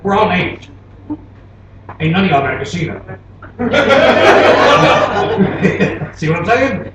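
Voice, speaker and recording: A man from Florida doing a stand-up comedy set, telling animated stories and laughing at his own jokes. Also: high voice, slow. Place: comedy club stage. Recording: very echoey club, taped from far off, noisy.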